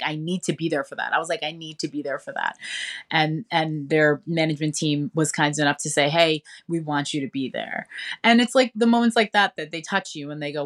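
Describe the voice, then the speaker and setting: A woman's voice: deep voice, a bit bright. A woman radio DJ, talking enthusiastically and chattily as an interview guest, with many fillers. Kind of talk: casual interview talk.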